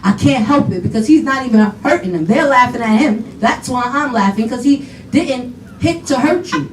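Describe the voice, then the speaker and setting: A daughter giving an animated eulogy at a funeral, telling laughing stories full of quoted dialogue. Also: female voice, a little high, brisk. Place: funeral home chapel. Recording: echoey hall, voice from far off, faint noise.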